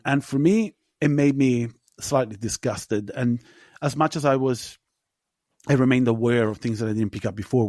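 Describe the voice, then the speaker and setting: A man's voice: mid-range voice, dry recording, studio quality. A man hosting a film podcast, giving his opinions in an emphatic, casual way and swearing now and then. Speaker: podcast host. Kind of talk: casual film review chat.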